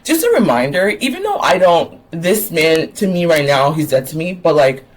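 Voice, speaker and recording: A woman's voice: sits low, moderate pace. Chatty woman vlogging. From Ontario, Canada. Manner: chatty, rambling, excitable. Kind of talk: casual vlog chat.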